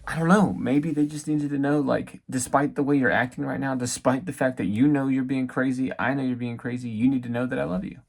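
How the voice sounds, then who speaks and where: A man in his thirties giving a casual, reflective devotional talk about parenting as a father, halting with many fillers. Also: fairly low pitch, vocal fry, darkish tone. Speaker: faith vlogger and dad.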